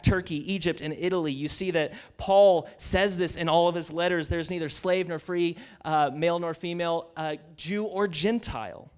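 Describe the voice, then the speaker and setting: A man's voice: on the high side, clean tone. Upbeat man preaching. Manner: conversational, enthusiastic, says "y'all". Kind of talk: sermon.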